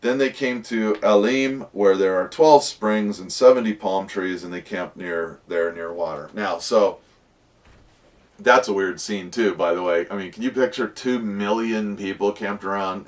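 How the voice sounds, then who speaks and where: A man teaching a casual Bible lesson, telling the stories in a lively way and acting out the characters' voices. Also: fairly low pitch, moderate pace, recorded from a distance.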